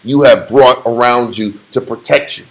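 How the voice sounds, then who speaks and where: A man's voice: mid-range voice, moderate pace, poor audio. A man preaching a sermon, emphatic and asking rhetorical questions. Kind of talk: sermon teaching.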